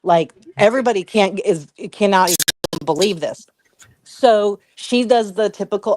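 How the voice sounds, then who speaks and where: A woman's voice: mid-range voice, normal speed, a little mellow. A woman co-hosting a commentary podcast, retelling an online drama in a chatty, profane way with lots of "like.". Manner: chatty, profane, heavy use of "like". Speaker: podcast co-host. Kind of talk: casual commentary storytelling.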